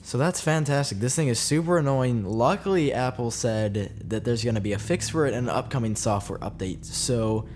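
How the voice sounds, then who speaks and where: Guy hosting a tech podcast, lively, hops from point to point, normal pitch. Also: normal speed, few pauses, slight background noise. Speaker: podcast host. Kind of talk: casual tech podcast chat.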